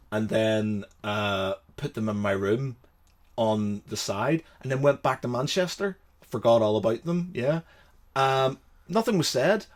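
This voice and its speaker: A man from Northern Ireland, a podcast co-host, telling rambling anecdotes in casual chat and laughing at his own stories. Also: medium pitch.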